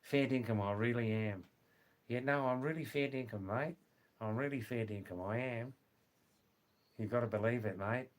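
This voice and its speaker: A man putting on a broad Australian accent to play a brash, cheeky bloke who talks in rapid, teasing banter. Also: mid-range voice, lightly acted. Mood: jovial.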